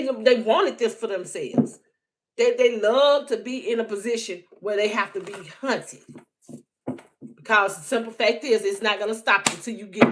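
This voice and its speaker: A woman's voice: mid-range voice, poor audio. A woman giving a livestream spiritual message, emphatic and repetitive, blunt and often profane, speaking into a phone.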